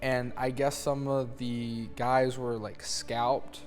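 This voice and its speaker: A young man rambles through a history story as a comedy bit, slangy and given to giggles. He talks slowly at a middling pitch. His voice sits in a long reverb with faint music beneath it. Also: little pitch movement. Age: young adult. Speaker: student narrator.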